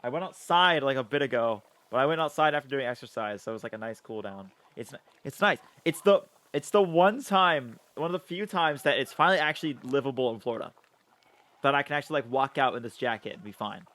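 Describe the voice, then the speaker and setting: A young man talks through a game on stream in a chatty, playful way, with frequent swearing. His voice jumps around a lot in pitch at a middling level. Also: lively intonation, quick pace, a bit bright, dry recording. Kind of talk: casual game-stream commentary.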